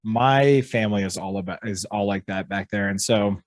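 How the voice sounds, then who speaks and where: A man co-hosting a podcast in casual chat, excitable with quick interjections. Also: fairly low pitch, no echo. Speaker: co-host.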